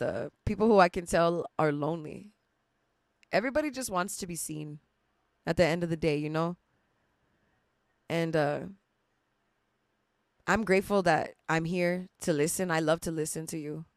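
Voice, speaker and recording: A woman's voice: on the low side, no room sound, studio quality. A young woman hosting a podcast, telling a rambling personal story with lots of laughs and casual swearing. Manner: chatty and emotional, laughs often, swears casually. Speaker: podcast host.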